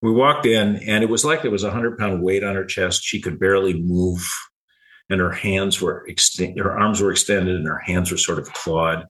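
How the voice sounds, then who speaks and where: Deep-voiced man telling a halting story. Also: fairly even intonation, a bit bright, rough recording. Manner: halting, repeats words, chuckles. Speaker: guest. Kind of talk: personal story in conversation.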